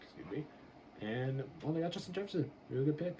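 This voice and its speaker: A man's voice: a little high, lively intonation, quick pace, warm tone, a little hiss or hum, poor audio. A man grading football draft picks in a casual commentary, blunt and exasperated, swearing and laughing as he rants.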